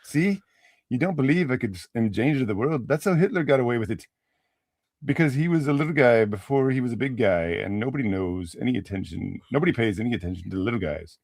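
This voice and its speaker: A man voicing a troubled, intense man in a short story, low and brooding. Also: expressive, fast, a little mellow, no echo, clean studio sound.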